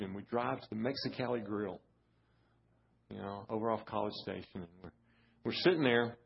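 Guest pastor, middle-aged man, halting then fervent, slightly breathy, muffled recording. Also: lowish voice. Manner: halting, repeats words, rises to fervent preaching. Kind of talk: storytelling sermon. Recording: dull lo-fi sermon audio.

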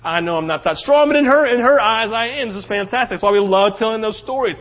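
A man with a high voice preaching in a casual, animated style, often tossing in "right?" to the congregation. The recording sounds dull and lo-fi. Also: quick pace. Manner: conversational, animated, acts out quotes, often asks "right?". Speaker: pastor. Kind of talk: sermon.

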